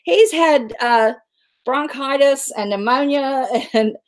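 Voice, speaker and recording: A middle-aged woman from West Virginia, USA, speaks slowly in a high-pitched voice. She hosts a casual livestream, chatting and responding to viewer comments.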